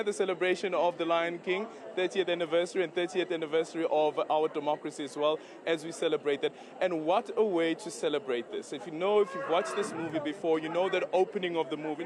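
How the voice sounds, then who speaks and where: A man reporting live outdoors, his voice sitting a touch high and sounding eager and talkative. He is slightly winded. A busy crowd chatters around him. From South Africa. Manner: excited, chatty. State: out of breath. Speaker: red carpet reporter. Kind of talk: live news interview. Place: outdoor red carpet event at a shopping centre.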